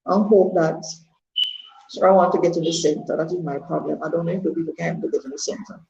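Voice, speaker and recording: A woman's voice: lowish voice, steady tone, a little fast, creaky, warm tone, a little hiss or hum. Woman, 60s, Jamaican accent, earnest, repeats herself, dull lo-fi echoey recording. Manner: earnest, rambling, repeats words for emphasis. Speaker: party member. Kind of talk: candid testimony. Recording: echoey room, dull lo-fi sound.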